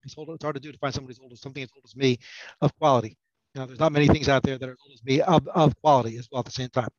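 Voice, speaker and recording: A man's voice: mid-range voice, steady tone, rapid-fire, no room sound, dull audio. A middle-aged man chatting as a podcast guest, rambling and self-mocking, with many restarts. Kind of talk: casual podcast banter.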